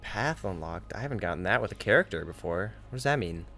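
Animated young man reacting to a game. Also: lowish voice, fast talker, faint music behind. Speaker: gaming streamer. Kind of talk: let's play commentary.

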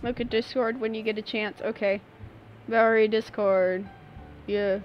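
A woman's voice: on the high side, fairly even intonation, moderate pace, dull audio, over music. A woman in her twenties chatting casually and slangily as she streams a game. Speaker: live streamer. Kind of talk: casual chat while gaming on stream.

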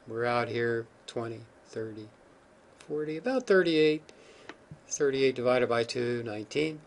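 A man's voice: mid-range voice, slight background noise. A man giving a recorded geophysics lecture over slides, informal and thinking aloud, with many ums and restarts.

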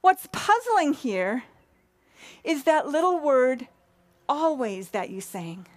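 A woman pastor preaching a sermon in an earnest, measured way, asking rhetorical questions. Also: high-pitched, sing-song, no room sound. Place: church sanctuary.

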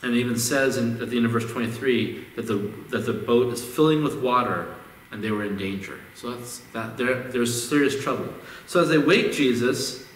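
Male pastor at mid pitch, easygoing sermon delivery, recorded from across a reverberant church. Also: moderate pace, slight background noise. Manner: conversational, repeats words as he restarts phrases. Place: church sanctuary. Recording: echoey hall, distant mic.

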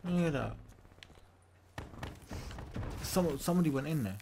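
A fairly high-voiced young man talks over his online gameplay. He swears and rants, with a very lively pitch that jumps from yelled outbursts to quiet muttering. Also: measured pace, gravelly, background noise. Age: young adult. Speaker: gamer. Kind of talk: gameplay commentary.

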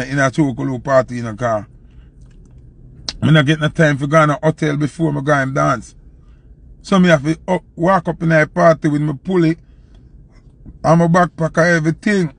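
A young man with a Jamaican accent, a selector telling a loose, animated story in patois and acting out the quotes. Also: on the high side, creaky, dry recording. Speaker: dancehall selector. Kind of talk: casual storytelling.

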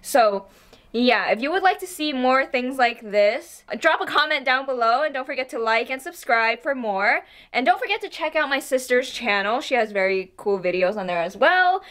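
A woman's voice: sits high, lively intonation, moderate pace, a bit bright. A young woman hosting a casual vlog, chatty and often breaking into giggles. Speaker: vlog host. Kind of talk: casual chat.

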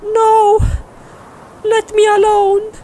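A man's voice: extremely high pitch, completely flat delivery, extremely slow, warm tone, slight background noise, pitched above the performer's own voice, full character voice. A man voicing a hysterical young woman in distress, shrieking and pleading in broken, simple English. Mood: panicked.

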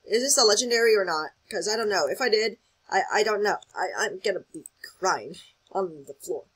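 Gameplay commentary, excitable host, rambling, thinking aloud, husky breathy voice. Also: mid-range voice, fairly quick, rough recording. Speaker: gaming channel host.

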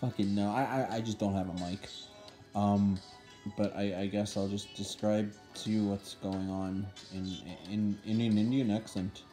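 Brief: male gaming host, mellow tone, halting and rambling delivery. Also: on the low side, little pitch movement, soft background music. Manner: rambling, halting, with many fillers and restarts. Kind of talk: casual gameplay commentary. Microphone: no headset mic.

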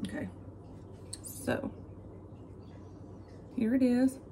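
A woman's voice: on the high side, extremely slow, noisy background. A woman, chatting casually to camera as she cooks and tastes breakfast. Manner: chatty, relaxed, says "y'all". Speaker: vlogger. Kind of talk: casual cook-with-me chat.

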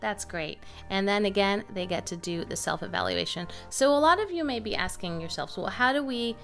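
A woman co-hosting a casual curriculum review, talking in a chatty, lively way with frequent fillers. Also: medium pitch, brisk, gravelly, faint music behind. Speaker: homeschooling mom and channel co-host.

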